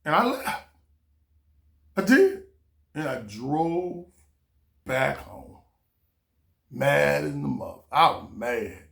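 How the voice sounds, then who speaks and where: A man's voice: fairly high pitch, sing-song, slow pace, gravelly, long pauses, fairly bright tone. A man casually telling a personal story about an argument, in a heated, profane and repetitive way. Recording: echoey room.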